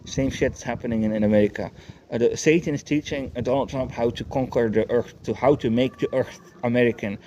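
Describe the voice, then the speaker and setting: A man's voice: medium pitch, steady tone, brisk, dark tone. Profane rambling man, dull lo-fi sound. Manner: profane, rambling, emphatic, repeats himself. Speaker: online commentator. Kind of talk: ranting monologue to viewers. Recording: dull lo-fi with faint noise.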